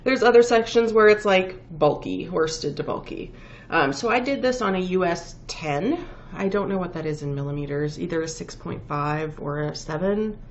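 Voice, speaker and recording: A woman with a lowish, gravelly voice, audibly congested from a head cold, hosts a relaxed knitting show. She wanders through her thoughts with frequent ums and restarts. The recording sounds dull and lo-fi, with a faint hiss underneath. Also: normal speed. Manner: rambling, self-correcting, lots of ums. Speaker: knitting podcast host. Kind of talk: casual show-and-tell chat. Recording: dull lo-fi home recording with faint background noise.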